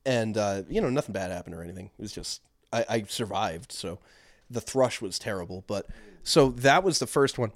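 A man's voice: fairly low pitch, no echo. Rambling man on a podcast, dry sound. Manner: rambling, many fillers and restarts. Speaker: podcast co-host. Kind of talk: casual chat.

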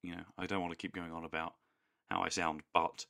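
Hoarse, croaky man. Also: deep voice, brisk, no room sound, studio quality. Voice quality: croaky, flat tone. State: hoarse after a sore throat. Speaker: podcast co-host. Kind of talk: casual chat. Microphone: studio podcast mic.

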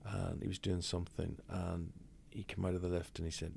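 Brief: Northern Irish broadcaster in his 60s, raconteur, deep and gravelly. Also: a little fast, slight background noise. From Northern Ireland. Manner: lively raconteur, blunt, swears freely. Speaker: guest, broadcaster. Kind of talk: anecdotal storytelling in conversation.

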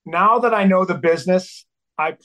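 A middle-aged man telling a story as a guest, with a fairly high voice for a man. He swears freely and drops into the voices of the people he quotes. The delivery is animated. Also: normal speed, poor audio. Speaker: guest, band drummer.

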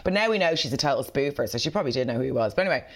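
A woman's voice: a bass voice, lively intonation, racing. A woman with a South County Dublin accent, chatting casually and swearing as a podcast co-host. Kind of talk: casual chat.

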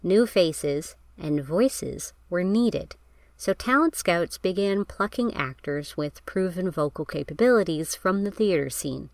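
A woman's voice: on the low side, lively intonation, a little slow, no room sound. Woman narrating film history, wry. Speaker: podcast host.

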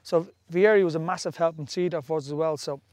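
A man's voice: a little high, fairly even intonation, brisk, a little mellow, no echo. Irish man telling football stories. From Ireland. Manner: rambling storytelling with restarts. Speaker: guest, former footballer. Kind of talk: casual chat.

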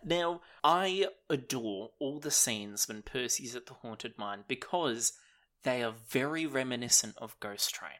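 Bright-sounding guy cohosting a podcast, excited and jokey, casual chat. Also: mid-range voice, measured pace. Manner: enthusiastic, jokey, frequent restarts. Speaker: podcast co-host.

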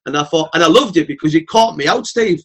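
A man, talking bluntly and swearing freely as a podcast guest, telling animated stories. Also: on the high side, fast, husky. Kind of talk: casual podcast chat.

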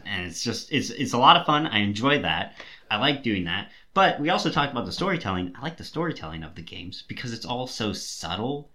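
A man's voice: lowish voice, very animated, brisk, bright, forceful tone. A young man hosting a podcast who rambles with enthusiasm, full of fillers and restarts. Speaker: podcast host. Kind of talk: casual chat.

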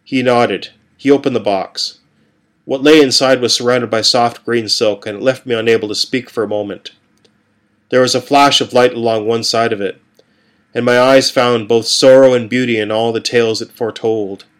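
A man reading a first-person story aloud in a calm, steady way. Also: mid-range voice, normal speed.

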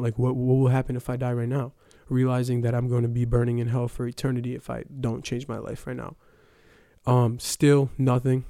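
A man's voice: medium pitch, mellow, clear, resonant tone, no echo, clean studio sound. A young man giving a casual personal testimony, telling his story with lots of fillers like "um" and "like". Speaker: testimony speaker.

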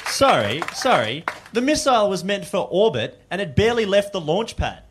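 A man's voice: sits high, sing-song, moderate pace, crowd noise, noisy background. A man playing an interviewer in a live comedy sketch, asking incredulous, pressing questions. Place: live stage.

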